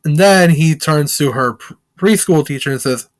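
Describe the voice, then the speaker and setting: A man's voice: on the high side, normal speed, no echo. A man reviewing a film in a casual, rambling plot recap, heavy with filler words.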